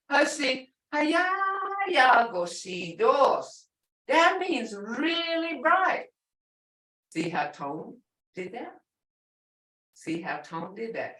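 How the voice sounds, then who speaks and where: Teacher, woman, middle-aged, twang, high and animated but slow, mic a bit far in a roomy hall. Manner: lively, drawn-out teaching with slow spelled-out phrases. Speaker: language teacher. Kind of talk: classroom language lesson. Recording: echoey room, voice a bit off-mic.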